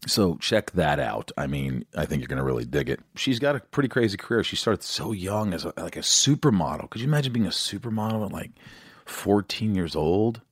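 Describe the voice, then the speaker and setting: A man's voice: low-pitched, expressive, fairly quick, slightly rough, dry recording, studio quality. A man hosting a podcast, reading an upbeat, promotional show introduction. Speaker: podcast host.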